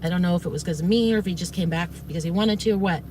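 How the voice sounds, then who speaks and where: A woman's voice: lowish voice, very fast, warm tone, slight background noise. A woman streamer, telling her viewers a long story in a casual, rambling way with many fillers and restarts, swearing when she gets heated. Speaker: streamer recounting events.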